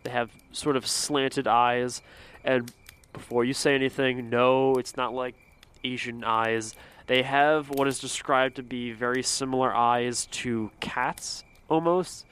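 A man's voice: mid-range voice, a bit bright, smooth. A man narrating a casual explainer about folklore, with a rambling manner, hedging fillers and self-aware asides.

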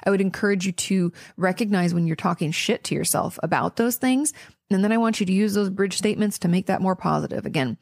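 A woman's voice: mid-range voice, a little fast, gravelly, a little mellow, no room sound, studio quality. A young woman hosting a podcast, answering listener questions in an earnest, reassuring way, tired and yawning, with plenty of ums and restarts. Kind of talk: casual advice talk.

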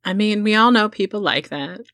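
A woman's voice: medium pitch, lively intonation, moderate pace, fairly bright tone, no room sound, studio quality. A married woman co-hosting a true crime podcast in casual, wry conversation, laughing often. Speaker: podcast co-host.

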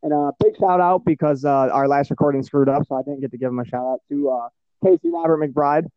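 A man's voice: a little high, fast, dry recording, highs cut off. Rambling Midwestern man hosting a podcast. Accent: Midwestern American. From Michigan. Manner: rambling and profane, with frequent fillers. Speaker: podcast host. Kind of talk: casual chat.

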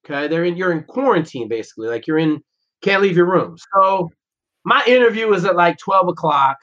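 A man's voice: sits high, fairly quick. A man, a former Navy SEAL guest, telling profane, brash stories in casual conversation. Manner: profane, brash, animated storytelling. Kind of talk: casual storytelling. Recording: dull lo-fi podcast audio.

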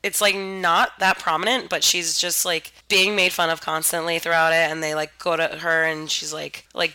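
A woman's voice: sits low, flat delivery, normal speed, few pauses, pushed and bright. A young woman chatting casually about a film, laughing often and acting out the characters' lines. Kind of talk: casual chat recapping a film.

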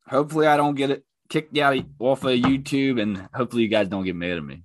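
A man's voice: medium pitch, quick pace, few pauses, no room sound. A man hosting his own podcast and ranting about online comments, heated, profane and mocking. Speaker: podcast host.

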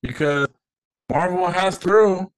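High-voiced and taking his time, a man delivers a solo rant on his own podcast. It's casual and loaded with slang and profanity as he lays out heated views.

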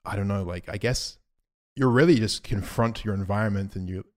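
A young man in casual podcast chat, laid-back and rambling, soft-spoken with lots of fillers. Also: fairly low pitch, brisk. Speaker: podcast co-host.

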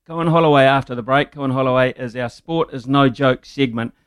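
A man's voice: medium pitch, fairly even intonation, clean tone, no echo. A man with a New Zealand accent hosting a sports radio show, joking and teasing his guest in casual banter. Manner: joking, teasing, quick to laugh. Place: radio studio. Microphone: studio microphone.

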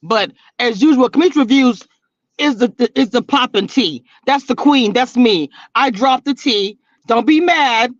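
A woman's voice: fairly high pitch, animated, a little slow, no room sound. A woman hosting her own live stream as a reality TV blogger, chatting casually with viewers in a sassy, teasing, slangy way and laughing a lot. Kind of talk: casual live-stream chat reading comments. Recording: dull, lo-fi and dry.

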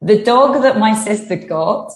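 A woman's voice: medium pitch, a little slow. Chatty woman in an echoey room. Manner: chatty and animated storyteller, many fillers. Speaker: guest. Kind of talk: casual chat.

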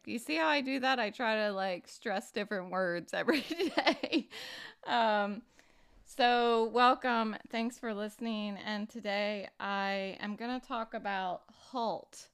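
A woman hosting a personal recovery podcast, talking earnestly and unhurriedly with frequent fillers and pauses. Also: fairly high pitch, a bit bright, smooth. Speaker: podcast host.

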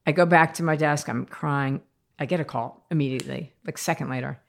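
A low-pitched American woman recounts stories as a podcast guest. She talks in an animated, conversational way and often laughs mid-sentence. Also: fairly quick, gravelly. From United States. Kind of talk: conversational storytelling interview.

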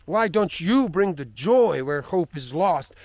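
A man doing a desperate, sobbing man shouting his pleas to the heavens in a storybook telling. The voice climbs high and loud with each cry, urgent and unhinged by grief. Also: expressive, slow pace, dry recording, clean studio sound, full character voice. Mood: anguished pleading. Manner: pleading, rising to shouts. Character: anguished man crying out to God.

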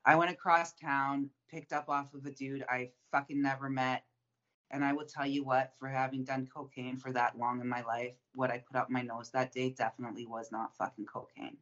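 A man's voice: medium pitch, level tone, moderate pace, fairly bright tone. A man telling his recovery story in casual conversation, swearing often and rambling with many fillers. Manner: profane, rambling, frequent fillers. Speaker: guest sharing recovery story. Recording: dull lo-fi sound.

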